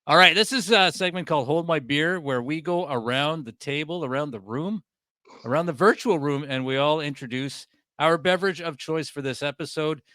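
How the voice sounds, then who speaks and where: A Canadian man hosts a casual comedy podcast, his voice bright and punchy and a touch high. He laughs a lot and gets excited easily. The sound is dry and close. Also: moderate pace, no echo. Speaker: podcast host.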